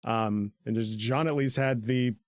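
A man's voice: mid-range voice, measured pace, no echo, clean studio sound. A man co-hosting a podcast, recapping an episode in casual chat, laughing often, swearing freely and slipping into goofy voices for the characters. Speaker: podcast co-host.

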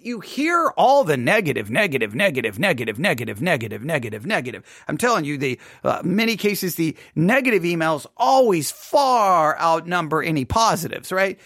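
A man, a pastor, hosting a podcast and commenting on a sermon in an animated, emphatic way, repeating words for effect. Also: high voice, no echo, clean studio sound.

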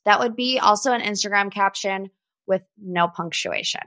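A woman's voice: mid-range voice, moderate pace, fairly bright tone, dry recording. A woman hosting a pop culture podcast, chatting casually with gossipy, sarcastic asides. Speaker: podcast host.

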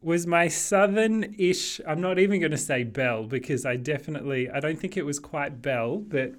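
A woman's voice: deep voice, normal speed. A woman co-hosting a podcast in casual chat, laughing a lot and swearing casually. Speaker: podcast co-host.

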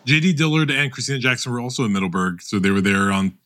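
A man co-hosting a podcast, chatting casually about awards season in a rambling, halting way full of restarts. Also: mid-range voice, lively intonation, a bit bright. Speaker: podcast co-host.

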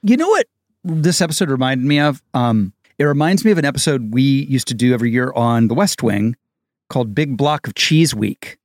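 A man co-hosting a podcast in casual chat, eager and excitable, with bursts of enthusiasm. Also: mid-range voice, normal speed, no room sound, clean studio sound. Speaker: podcast co-host.

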